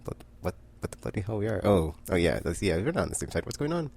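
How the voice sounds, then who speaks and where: A man's voice: low-pitched, very animated, fast talker, creaky, a little mellow, slightly rough. A man casually recapping a comic book issue, rambling with many fillers and frequent laughter.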